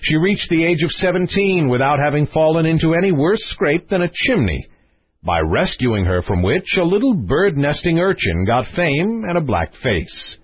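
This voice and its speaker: A man narrating a fairy tale in an expressive storytelling way. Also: a little high, normal speed, husky, no room sound. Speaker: audiobook narrator. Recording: dry, slightly dull recording.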